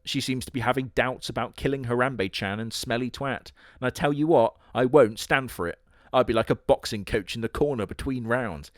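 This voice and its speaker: A man doing comedic anime review narration in a sarcastic, crude, deadpan manner. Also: medium pitch, fairly quick, dry recording, clean studio sound. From Britain.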